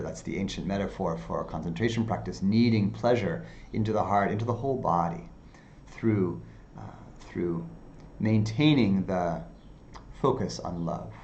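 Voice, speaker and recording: A male meditation teacher giving an unhurried dharma talk, with many fillers and softly repeated phrases. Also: deep voice, dull audio, slight background noise.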